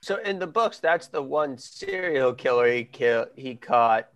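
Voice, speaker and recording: A man's voice: medium pitch, animated, measured pace, fairly bright tone. A man co-hosting a podcast, joking through a casual episode recap and putting on silly voices. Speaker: podcast co-host.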